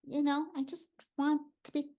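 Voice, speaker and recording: A woman in a live improv scene, playing a shy, easily stressed woman who wants quiet, speaking hesitantly with trailing phrases. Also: high-pitched, little pitch movement, moderate pace. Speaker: improv performer.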